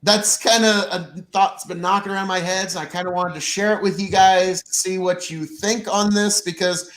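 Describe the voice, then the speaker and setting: A man co-hosting a casual podcast chat, with a voice that sits notably high for a man. He talks in animated, jokey bursts. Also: normal speed. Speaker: podcast co-host.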